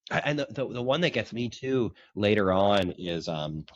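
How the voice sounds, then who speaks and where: Low, animated male co-host, eager and halting, dull lo-fi sound. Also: no echo. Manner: enthusiastic, halting with restarts. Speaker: podcast co-host. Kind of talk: casual chat about comics.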